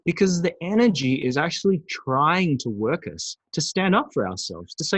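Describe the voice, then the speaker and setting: A man presenting a recorded webinar on emotions, animated and acting out angry outbursts. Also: a little high, normal speed, few pauses, husky, dry recording, rough recording. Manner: animated, acts out angry voices.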